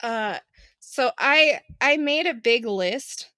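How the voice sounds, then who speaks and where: Young woman cohosting a podcast, slightly high voice, dry close mic, laughs a lot. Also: expressive, takes it slowly, bright, forceful tone, dry recording. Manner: chatty, laughs often, teasing. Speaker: podcast co-host. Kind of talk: casual chat.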